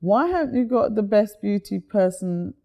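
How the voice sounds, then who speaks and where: A woman from the UK, an interview guest telling lively stories in a chatty, animated way. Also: medium pitch, moderate pace. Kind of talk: animated storytelling.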